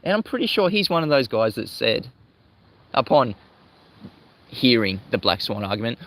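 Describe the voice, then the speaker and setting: A man's voice: medium pitch, very animated, normal speed, pauses often, fairly bright tone. A man from Australia hosting a livestream, talking in an emphatic, repetitive, combative way. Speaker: livestream host. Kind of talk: livestream commentary.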